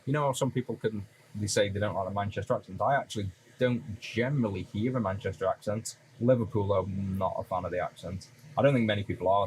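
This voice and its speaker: A man with a lowish voice and a Stoke-on-Trent (Potteries) accent, from Stoke-on-Trent in England, chats casually with his stream audience as he solders. He's a streamer who repairs retro consoles, relaxed and rambling, answering chat while he works. The recording is rough, with a little hiss or hum.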